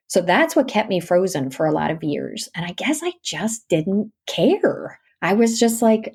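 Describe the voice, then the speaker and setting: A woman, an audiobook narrator, chatting as an interview guest, animated and laughing often as she acts out what people said. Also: mid-range voice, moderate pace, hardly any pauses, breathy edge. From New York area. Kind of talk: casual interview chat. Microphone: remote call over the internet.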